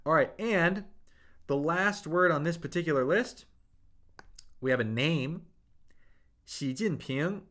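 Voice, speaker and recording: A man's voice: on the high side, lively intonation, a little slow, pauses often, bright, forceful tone. A young man teaching Mandarin on a livestream, reading chat comments and coaching with enthusiastic, hyped-up energy.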